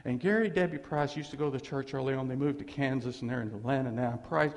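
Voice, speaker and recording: A man's voice: mid-range voice, fast talker. A middle-aged man preaching as pastor, telling rambling, folksy stories with laughing asides, in a church sanctuary. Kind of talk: storytelling sermon. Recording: long reverb of a church hall.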